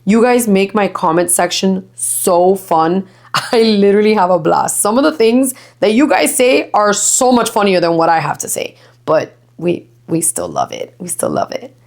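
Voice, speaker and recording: A woman's voice: mid-range voice, a little slow. Chatty, laughing young woman host. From Miami. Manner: chatty, swears freely, laughs often, mixes Spanish. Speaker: podcast host. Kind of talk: casual chat.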